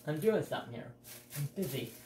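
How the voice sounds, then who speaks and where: A woman hosting a crafts channel, chatting casually and gushing with excited exclamations as she unboxes a kit. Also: low voice, brisk, a little hiss or hum. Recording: roomy echo, faint ambience.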